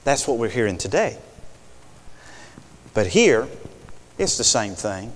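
A man preaching a sermon in a folksy, animated way, calling for amens. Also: medium pitch, takes it slowly, long pauses, big-room sound.

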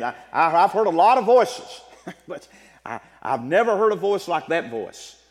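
A man preaching a sermon as pastor, animated, with a rising and falling delivery. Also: on the high side. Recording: long reverb of a large hall.

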